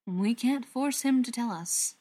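A woman reading an audiobook, voicing a male gang leader who talks in a sharp, firm, impatient way. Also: fairly high pitch, measured pace, voice pushed up.

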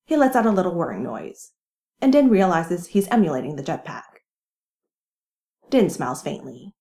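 A woman reading a fan story aloud with lively, wry storytelling. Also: fairly low pitch, normal speed, creaky. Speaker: reader. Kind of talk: fan fiction narration.

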